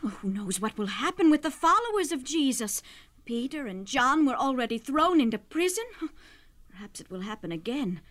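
A woman's voice: high voice, very animated, normal speed, a bit bright. An actress playing a worried older wife who coaxes her husband, in a radio drama. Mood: coaxing. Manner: earnest, coaxing. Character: worried, persuasive aging wife.

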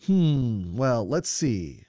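A man's voice: medium pitch, sing-song, very slow, mellow, no room sound. Friendly man co-host, dry sound. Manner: friendly, playful. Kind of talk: scripted children's program intro.

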